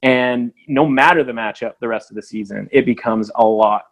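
A man co-hosting a casual sports betting podcast, talking fast and acting out quoted lines. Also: mid-range voice. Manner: animated, acts out quoted voices. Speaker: podcast co-host.

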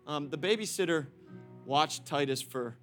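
A young man preaching a sermon to his congregation, lively and direct, swinging from loud calls to quiet storytelling and laughing often. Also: a little high, unhurried, soft background music. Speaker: pastor.

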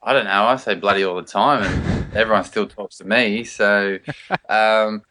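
Australian man guest, breezy and relaxed, crisp bright tone, on a web call. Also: on the low side, normal speed. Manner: easygoing, laid-back, says mate. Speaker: guest, adventure athlete. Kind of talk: casual chat. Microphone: Skype call.

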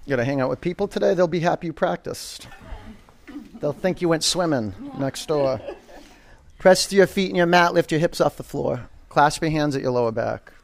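A man with a somewhat high voice leads a yoga class in a studio. He calls out poses, counts down each hold and jokes and pushes his students in a coaching manner. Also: a little fast, vocal fry. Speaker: yoga instructor. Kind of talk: live class instruction.

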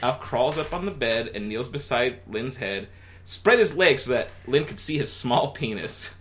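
A man hosting a comedy podcast, reading a text aloud and breaking off for laughing asides. His voice is bright and lively, moving freely up and down in pitch. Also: moderate pace. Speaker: podcast host.

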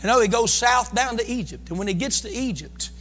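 A man preaching a fervent sermon, calling on his congregation to respond and breaking into shouts. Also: extremely high pitch, expressive, fairly quick, long reverb tail, soft background music. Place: church sanctuary.

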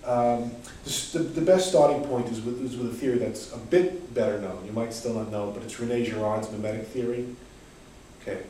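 A man's voice: mid-range voice, a little fast, dark tone, a little hiss or hum. An American man giving a conference talk, hesitant, with many restarts and fillers. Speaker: conference presenter. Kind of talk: academic talk with discussion. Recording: echoey room, voice far from mic.

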